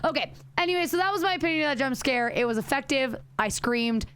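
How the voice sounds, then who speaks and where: A woman's voice: sits high, fast talker. A woman streaming a horror game live, chatting casually with her viewers, swearing freely and rambling with lots of restarts and self-corrections. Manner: chatty and animated, swears freely, talks directly to chat.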